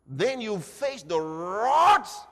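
A male preacher with a very high, animated voice delivers a dramatic sermon, swinging between hushed and shouted passages. His tone is bright and sharp, and a long reverb hangs on each line like a large hall. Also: drawn-out words.

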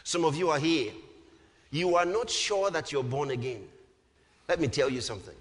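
A man preaching a sermon with fervour, often shouting and drawing out his words. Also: fairly high pitch, expressive, moderate pace. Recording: hall reverb.

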